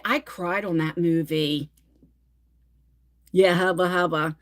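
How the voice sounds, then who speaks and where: Chatty New Jersey woman, lively pitch. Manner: rambling, chatty, reads comments aloud. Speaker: livestream host. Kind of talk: casual livestream chat.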